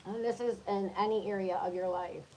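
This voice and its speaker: A woman's voice: mid-range voice, fairly even intonation, fairly quick, mellow, slight background noise, rough recording. Chatty woman giving a casual tarot reading. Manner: chatty, coaching tone, keeps checking in with "okay?". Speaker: tarot reader.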